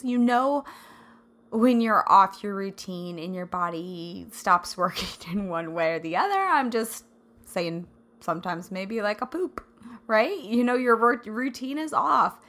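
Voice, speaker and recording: A woman from the Midwest hosting a casual solo podcast, bubbly and effusive, laughing often, her throat a little scratchy and raspy today. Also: medium pitch, bright, forceful tone. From American Midwest. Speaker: podcast host.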